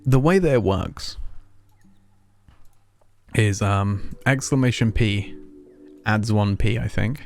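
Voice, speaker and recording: A man's voice: lowish voice, slow pace, gravelly, long pauses, soft background music. Chatty man streaming a game. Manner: chatty, rambling, self-mocking. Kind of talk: casual let's play commentary.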